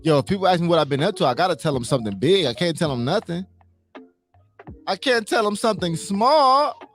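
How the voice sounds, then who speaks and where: A man's voice: high-pitched, lively intonation, brisk, fairly bright tone, soft background music. A man hosting a casual motivational livestream, emphatic, repeating his points and asking his listeners questions.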